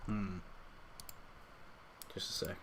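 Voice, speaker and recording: A man's voice: takes it slowly, background noise. A man live streaming late at night from his home computer, rambling and self-deprecating, with lots of hesitant restarts. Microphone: desktop USB microphone.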